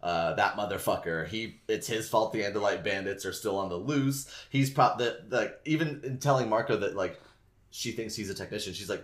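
A man with a very low voice talks through a book chapter the way you would tell a friend about it. He is loose and rambling, and he swears casually as he goes. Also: fairly quick, roomy sound. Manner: loose and rambling, full of "like" and "uh", reading passages aloud; swears casually and laughs at his own retelling. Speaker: podcast co-host recapping a book. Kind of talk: casual chat, retelling a story.

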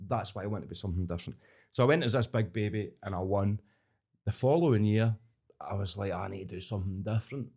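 Scottish man, lively storyteller. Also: lowish voice, fast, husky. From Scotland. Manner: lively storyteller, acts out voices, laughs often. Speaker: podcast guest, entertainer. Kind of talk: casual chat, storytelling.

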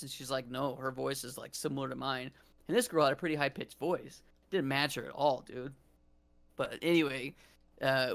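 A young man with a gravelly, fry-laden voice tells a story on his podcast. He talks in a loose, laid-back way, restarting his sentences and saying "dude" all the time. His pitch sits in a middle range. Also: fairly bright tone. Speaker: podcast host. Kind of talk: casual storytelling chat.

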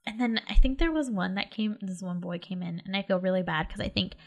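A woman's voice: medium pitch, a little fast, vocal fry. A young woman from the Los Angeles area co-hosting a podcast in casual chat, full of "like" and "um" fillers. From Los Angeles area, California. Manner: chatty, lots of "like" and "um" fillers. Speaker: podcast co-host.

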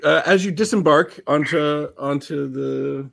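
Man, game master, gravelly voice, slightly high, relaxed storytelling, laughs a lot. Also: a little slow. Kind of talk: narrating a tabletop game podcast.

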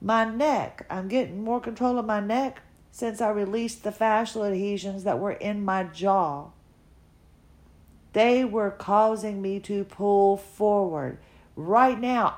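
A middle-aged woman speaking in an unhurried, drawn-out way, her pitch sitting right in the middle. She talks in an earnest, emotional manner as she shares a casual personal podcast monologue and encourages her listeners. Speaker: podcaster sharing her health journey.

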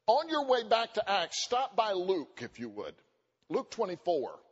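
Animated man preaching in a reverberant church. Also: high-pitched, measured pace, slightly rough. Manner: animated, acts out quoted voices, joking asides. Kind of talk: sermon. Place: church sanctuary. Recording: dull recording with long hall reverb.

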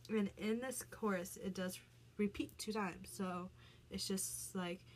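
Slow and mid-range, this woman's voice comes with a little hiss or hum as she vlogs about the meaning behind song lyrics, chatting casually with lots of "like" and restarts.

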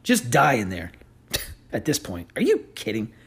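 A man hosting a podcast, telling stories in a sarcastic, animated rant. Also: medium pitch, measured pace, vocal fry, slightly rough. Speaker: podcast host. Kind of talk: casual ranting commentary.

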